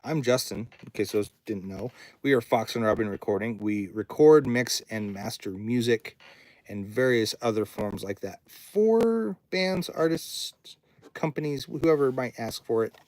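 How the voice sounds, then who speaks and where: A man's voice: mid-range voice, unhurried, a little mellow. A man who runs a recording studio, chatting casually on a livestream, rambling and reading viewer comments aloud in his home studio.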